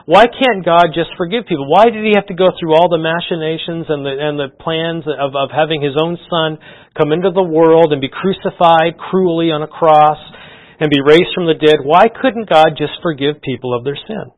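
Middle-aged male pastor, earnest conversational sermon, voice a bit high, slightly muffled recording. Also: moderate pace. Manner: earnest, conversational preaching with frequent restarts. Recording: slightly dull lo-fi sound.

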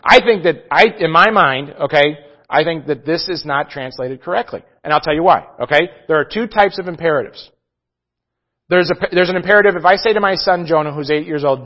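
A man in his thirties preaching a sermon in an animated way, often checking in with "okay?". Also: a little high, moderate pace. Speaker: pastor. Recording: dull lo-fi sermon recording.

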